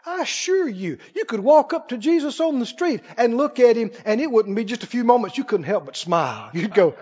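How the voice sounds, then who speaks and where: A man preaching a sermon to a congregation, animated, laughing often and asking them questions. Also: extremely high pitch, brisk, hardly any pauses, breathy edge, muffled recording.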